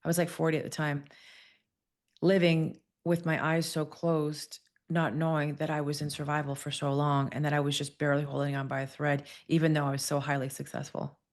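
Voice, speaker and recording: Low-voiced woman in her 40s on a podcast, candid storytelling, acts out quotes. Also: flat delivery, a little fast. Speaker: guest.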